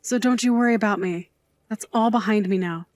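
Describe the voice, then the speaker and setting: A woman playing a doting, playful middle-aged aunt who works nights at a bar, quick to mock offense and to tears. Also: mid-range voice, darkish tone, no echo, close to an everyday voice. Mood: reassuring. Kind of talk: audio drama acting.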